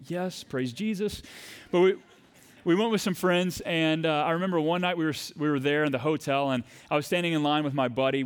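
Fervent storytelling male pastor. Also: on the high side. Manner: conversational storytelling preacher, rising to fervent emphasis. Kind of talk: sermon.

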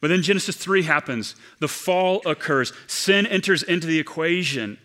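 Male pastor mid-sermon; fairly high, bright, forceful delivery, earnest, slowing on key points. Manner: earnest, slows down to stress key phrases.

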